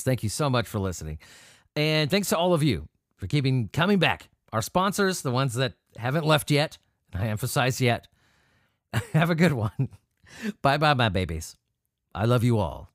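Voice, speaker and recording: A man's voice: fairly high pitch, dry recording, clean studio sound. A man hosting a podcast, talking in a sarcastic, profane and rambling way. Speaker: podcast host. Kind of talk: casual podcast monologue.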